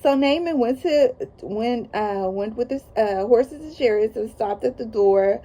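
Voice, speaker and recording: A woman's voice: a little high, unhurried, warm tone. Chatty woman teaching Bible stories. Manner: conversational, folksy asides and emphatic repetition; reads scripture aloud then comments. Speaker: Bible study host.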